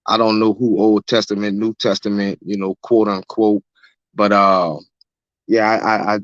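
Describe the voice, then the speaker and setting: A man's voice: fairly low pitch, flat delivery, normal speed, dry recording. A man on a live online panel, arguing for his faith in a preachy way and restarting his sentences often. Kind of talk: religious debate on a live panel. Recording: dull lo-fi call audio.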